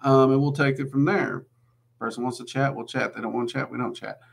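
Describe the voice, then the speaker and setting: Casual Southern-accented male host, rambling Q&A on a home stream, gravelly edge. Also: mid-range voice, fairly even intonation, fairly quick. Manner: chatty and rambling, with many "um"s. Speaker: livestream host answering viewer questions. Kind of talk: casual livestream Q&A.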